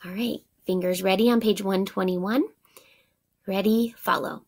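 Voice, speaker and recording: A woman's voice: medium pitch, steady tone, unhurried, vocal fry, a little mellow, slightly rough. A woman teacher reading a children's book aloud for students, encouraging them and asking them questions. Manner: encouraging, asks questions to young listeners.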